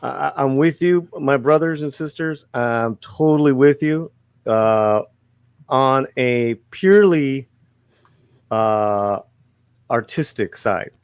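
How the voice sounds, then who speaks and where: A man with a gravelly, fry-filled voice picks his words slowly on a panel show, full of hesitations and restarts. His voice sounds dry and close, with no room around it. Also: medium pitch, no echo. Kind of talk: casual panel talk.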